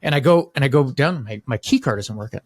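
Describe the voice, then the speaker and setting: A man's voice: mid-range voice, lively intonation, fast talker, slightly rough, dry recording, clean studio sound. A man hosting a podcast, telling a story in casual chat, rambling with many restarts and quoted voices. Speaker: podcast host.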